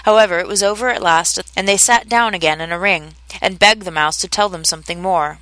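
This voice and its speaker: A woman narrating a classic storybook aloud at a steady storytelling pace. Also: fairly low pitch, brisk, dry recording, rough recording. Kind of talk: storybook audiobook reading.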